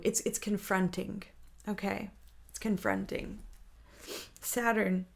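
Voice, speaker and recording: A woman's voice: mid-range voice, gravelly. A woman, a mother, giving an intuitive spiritual guidance talk, confiding and emotional, often repeating herself and at times teary. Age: adult, a mother.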